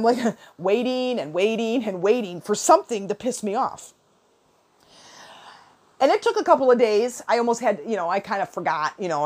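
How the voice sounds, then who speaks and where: A woman in her forties talks casually as she shares advice, mid-pitched and chatty. She fills her sentences with "like" and "you know" and acts out quoted lines as she tells her story. She sounds animated and conversational rather than scripted. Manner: chatty, animated, many fillers and quoted asides. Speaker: speaker giving advice.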